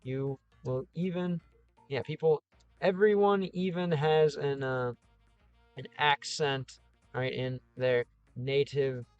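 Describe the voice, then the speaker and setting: A man's voice: medium pitch, fairly even intonation, slow pace, smooth, dry recording, dull audio, soft background music. A man with a Chicago Midwest accent hosting a casual livestream, reading comments in a rambling, upbeat and encouraging way with lots of fillers. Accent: Chicago, American Midwest. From American Midwest.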